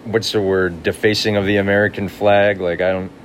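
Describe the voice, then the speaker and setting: A man with a deep, low voice chats loosely on a podcast, circling his thoughts with fillers and false starts. A faint hum of air conditioning sits under him. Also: flat delivery, a little fast. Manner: rambling, hesitant, many fillers. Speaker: guest comedian. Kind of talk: casual podcast chat.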